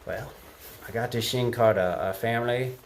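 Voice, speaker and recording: A man's voice: medium pitch, normal speed. Man, Midwestern American accent, garage door technician, rambling chatty vlog, rain-soaked, echoey shed, faint ambient noise. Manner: rambling, chatty, with many fillers and self-corrections. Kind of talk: casual on-the-job vlog talk. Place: indoors in a shed, then outdoors in the rain.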